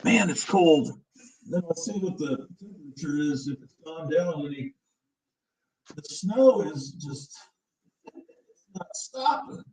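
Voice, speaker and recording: A man's voice: fairly high pitch, expressive, slow, long pauses, a little mellow, low-quality recording. A man in his fifties hosting a casual live-stream chat, rambling and opinionated, chuckling as he reminisces. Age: 50s. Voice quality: husky. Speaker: show host.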